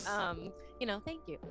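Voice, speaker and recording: A woman player saying a soft, hesitant goodbye to viewers. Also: mid-range voice, very animated, slow. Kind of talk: casual goodbye on a stream. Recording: clear music behind.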